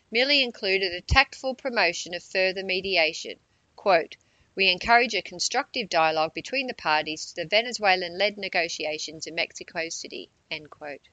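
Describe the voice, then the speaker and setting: A woman reading a political news report in a measured narration, with quotes read aloud. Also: mid-range voice, sharp tone, dry recording, highs cut off.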